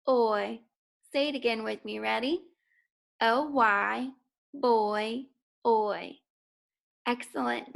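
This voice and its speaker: A woman teaching a phonics lesson to young children, speaking clearly and encouragingly as she sounds out words letter by letter. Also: fairly high pitch. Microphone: recorded for school TV.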